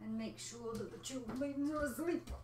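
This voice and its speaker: A woman's voice: fairly high pitch, normal speed, darkish tone, a little hiss or hum. A woman speaking briefly and casually in the background of a home. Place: home, away from the mic. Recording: distant and echoey.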